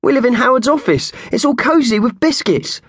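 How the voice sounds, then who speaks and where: A man doing a chirpy, high little mouse. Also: lively intonation, brisk, no echo, studio quality. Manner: eager and bright, chirpy. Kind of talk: audiobook character voice.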